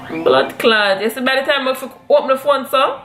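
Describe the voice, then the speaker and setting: A young woman telling a personal story in a casual, animated, profane way, jumping up in pitch when she quotes herself. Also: normal speed, soft background music. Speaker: vlogger.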